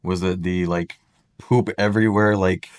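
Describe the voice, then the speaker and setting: A young Texan man with a very deep voice works through a long question and leans on filler words. He talks loosely and casually, like he's chatting at home. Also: steady tone, normal speed. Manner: rambling, full of "like" fillers. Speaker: son and podcast co-host. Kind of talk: casual conversation.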